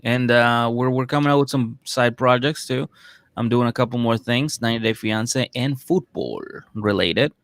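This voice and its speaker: A man co-hosting a laid-back podcast, animated and quick to act out what people said in funny voices. His voice sits at a middle pitch and is recorded close and dry, with no room around it. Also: dry recording. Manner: animated storyteller, acts out quotes, swears. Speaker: podcast co-host. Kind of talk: casual podcast chat.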